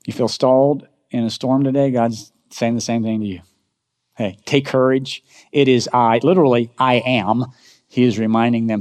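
Male pastor, dramatic sermon delivery, mid-pitched voice, long hall reverb. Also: fairly even intonation, normal speed. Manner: dramatic, swings from loud emphatic bursts to low quiet lines; asks the congregation rhetorical questions.

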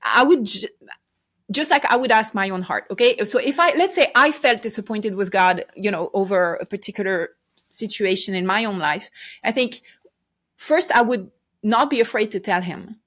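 A woman's voice: mid-range voice, expressive, moderate pace, fairly bright tone. A middle-aged woman speaking as a guest in a faith interview, reflective and earnest, often restarting her sentences.

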